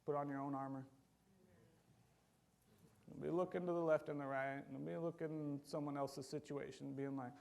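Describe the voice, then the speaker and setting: A man preaching a sermon in a church, talking in a conversational, animated way and acting out quotes along the way. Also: a little high, normal speed, creaky. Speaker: pastor.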